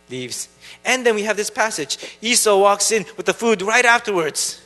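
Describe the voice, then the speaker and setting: A male preacher talks through the story in a relaxed, chatty manner, with plenty of fillers. His voice is high and bright for a man, and the church hall gives it a long reverberant tail. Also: normal speed. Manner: casual, chatty retelling with fillers. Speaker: pastor. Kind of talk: sermon.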